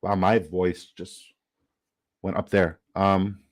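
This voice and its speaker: A young man casually chatting on a live stream, reading chat comments aloud, excitable and swearing freely. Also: low voice, slow pace. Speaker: fantasy football streamer.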